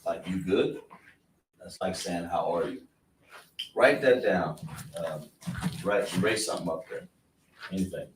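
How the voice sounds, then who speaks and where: A man's voice: low voice, lively intonation, unhurried, long pauses, background noise. A male teacher leads a class at the board, drilling words and checking with his students. He sounds far from the mic in a reverberant room. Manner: repetitive, question-and-answer teaching style. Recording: echoey room, voice from a distance.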